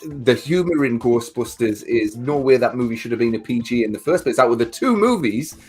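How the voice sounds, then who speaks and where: A man's voice: mid-range voice, animated, a little fast, husky, faint music behind. A man in his forties co-hosting a livestream, telling stories in a chatty, casual way and swearing freely. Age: 40s. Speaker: livestream co-host. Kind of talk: casual chat.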